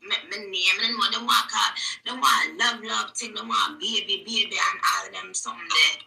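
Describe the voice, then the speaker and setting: A woman's voice: mid-range voice, moderate pace, gravelly, sharp tone, recorded from a distance. A woman putting on a brash mock Jamaican patois voice. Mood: playful. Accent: put-on Jamaican. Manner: brash, crude, swearing. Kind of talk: live-stream banter. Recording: roomy echo, away from mic.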